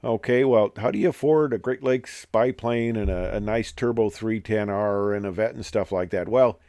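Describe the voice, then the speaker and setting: A man's voice: lowish voice, moderate pace, darkish tone, no room sound, clean studio sound. An older man, a retired airline pilot, telling jokes and stories in a casual, digressive monologue with plenty of fillers. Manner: joking, digressive storyteller with many fillers.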